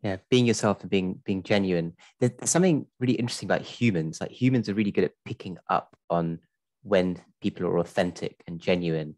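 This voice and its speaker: Man, very low-pitched, dry recording, casual host chat, upbeat, says "right?" often. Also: brisk, a little mellow, no room sound. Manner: upbeat, conversational, tags with "right?". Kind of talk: casual webinar talk.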